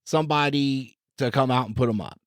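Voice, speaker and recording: A man's voice: mid-range voice, brisk, no echo, studio quality. A man co-hosting a casual couple podcast at home, teasing his wife, swearing and laughing often. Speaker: podcast co-host. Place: at home, cat in the room.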